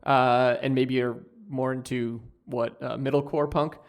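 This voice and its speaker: Gravelly guy hosting a podcast, rambles along with lots of ums. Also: mid-range voice, level tone. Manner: rambling, with many pauses and fillers. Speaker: podcast host. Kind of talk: casual chat. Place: studio.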